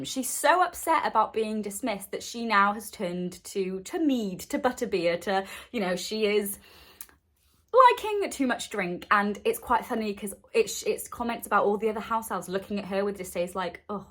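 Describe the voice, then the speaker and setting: A woman's voice: medium pitch, expressive, normal speed, sharp tone. A woman hosting a podcast, chatting enthusiastically and acting out quotes as she recaps a story. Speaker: podcast host. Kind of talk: casual recap chat.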